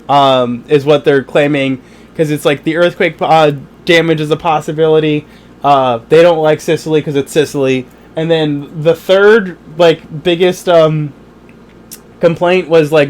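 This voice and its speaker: A man's voice: a little high, a little slow. A man co-hosting a comedy podcast, chatting casually in a rambling, irreverent way and laughing often. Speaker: podcast co-host.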